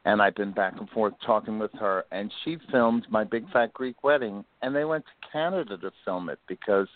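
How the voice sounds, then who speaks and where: A man's voice: fairly low pitch, moderate pace, no echo. A man calling into a radio show, enthusiastic and rambling, full of praise for the guest. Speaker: caller. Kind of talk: phone-in chat. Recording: telephone line.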